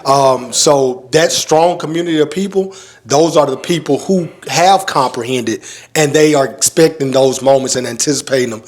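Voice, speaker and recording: A young adult man speaking in a reflective, measured way in a casual roundtable chat. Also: mid-range voice, darkish tone. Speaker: roundtable guest.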